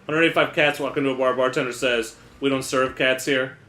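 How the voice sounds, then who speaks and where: A man streaming live and improvising rambling comic stories and pun jokes in a deadpan way. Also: mid-range voice, brisk, echoey room. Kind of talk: improvised comedy.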